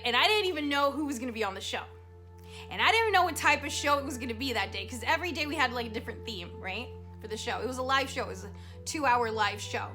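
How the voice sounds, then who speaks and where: Casting: high, bright-voiced woman, chatty vlogger storytelling with feeling, soft music underneath. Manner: animated, chatty, emotional storyteller with many fillers. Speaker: psychic vlogger. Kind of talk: casual storytelling to camera. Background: soft background music.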